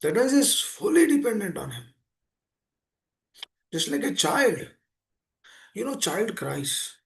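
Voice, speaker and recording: A man preaches earnestly, with a gravelly, fry-tinged voice sitting a bit high for a man. He often repeats himself and poses rhetorical questions to his listeners. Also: sing-song, slow. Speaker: speaker giving a scripture class. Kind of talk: sermon.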